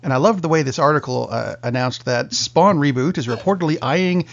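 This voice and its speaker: A middle-aged man hosts a relaxed podcast conversation with a gravelly, fry-tinged voice. He talks slowly and wryly as he steers toward the next topic. The recording sounds a little dull and lo-fi. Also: a little high. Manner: slow, wry, leads the topics. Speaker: podcast host. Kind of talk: casual chat.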